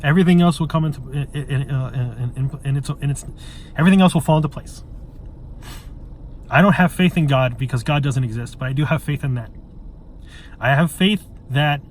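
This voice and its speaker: A man's voice: fairly high pitch, slight background noise. A man in an emotional monologue straight to camera, earnest and pleading, stumbling and repeating words and swearing bluntly. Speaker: vlogger.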